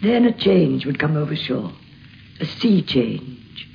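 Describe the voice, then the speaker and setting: A woman reading a memoir aloud in a soft, calm way, in a dull lo-fi recording. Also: low-pitched, slow, gravelly, slight background noise. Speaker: narrator.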